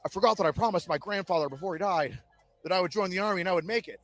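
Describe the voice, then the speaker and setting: Nervous young male army recruit, quoted by a man, slightly high voice. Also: very fast, a bit bright, soft background music. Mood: pleading.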